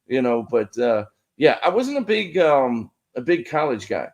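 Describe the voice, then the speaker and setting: A man's voice: medium pitch, very animated, a little mellow. Agreeable man from Pennsylvania, mid-range voice. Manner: agreeable, chimes in with quick affirmations. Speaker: podcast host. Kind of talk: casual sports chat.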